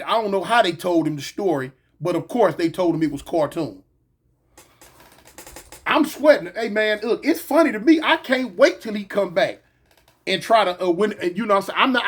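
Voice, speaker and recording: A man casually telling a story in slang, punctuating it with "bang" and "boom". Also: fairly bright tone, slightly rough. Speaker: storyteller recounting prison life.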